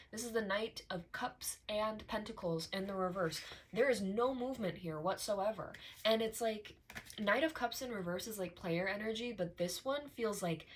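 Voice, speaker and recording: A woman giving a casual tarot reading to her viewers, talking emphatically with lots of repetition, fillers and profanity. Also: medium pitch. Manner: conversational with many fillers like "like" and "right". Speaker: tarot reader.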